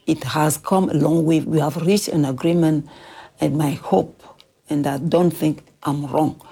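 Low gravelly-voiced woman minister. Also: fairly even intonation, dark tone. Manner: measured, reassuring, formal. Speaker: government minister. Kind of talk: broadcast interview answer.

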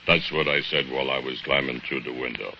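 An actor playing a jealous immigrant steelworker who speaks broken English, in 1940s radio acting. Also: male voice, very deep voice, fairly even intonation, gravelly. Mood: brooding. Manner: broken English, slow heavy confession. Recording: muffled old radio recording, faint hiss.

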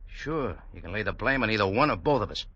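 A man's voice: on the low side, lively intonation, fast talker, a bit bright, highs cut off. An actor playing a wisecracking, hard-boiled male adventurer who also narrates, in a 1940s radio drama. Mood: wry. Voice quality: wry, laconic. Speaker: narrator and lead.

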